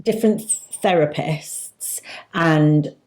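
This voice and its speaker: A woman from Leeds with a northern English accent, co-hosting a casual chat with enthusiastic, halting talk. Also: deep voice, darkish tone. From Leeds, England. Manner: chatty, enthusiastic, halting with fillers. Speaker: co-host.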